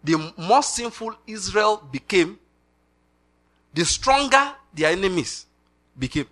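Animated Nigerian preacher, bright voice. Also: male voice, high voice, takes it slowly. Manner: animated, laughing, pidgin asides. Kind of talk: sermon.

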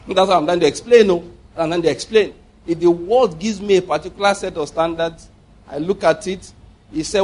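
Male pastor, fairly high husky voice, rambling humorous sermon style. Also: normal speed, darkish tone. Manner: jokey, digressive, repeats himself.

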